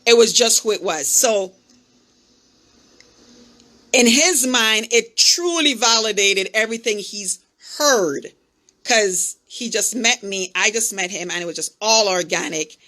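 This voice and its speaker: A woman hosting a podcast, telling a personal story in an animated way and speaking straight to her listeners. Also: medium pitch, a little slow. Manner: animated, acts out the voices in her stories. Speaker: podcast host. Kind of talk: personal storytelling, coaching talk.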